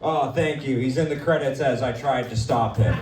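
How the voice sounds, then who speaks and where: A man's voice: medium pitch, normal speed, soft background music. A man hosting a live comedy show, bantering in a brash, crude, mock-pompous way. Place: comedy night in a dispensary. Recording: echoey room, distant mic.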